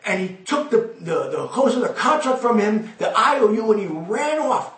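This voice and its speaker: A man telling a children's story in an expressive, dramatic way. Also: high-pitched, moderate pace, reverberant, far from the mic, poor audio.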